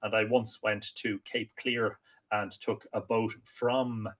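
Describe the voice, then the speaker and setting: An Irish man hosting a live mythology stream, chatting casually and greeting viewers by reading out their comments, often pausing and repeating words. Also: fairly low pitch, little pitch movement. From Ireland. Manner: chatty and friendly, with many hesitant repeats. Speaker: host of a live mythology show.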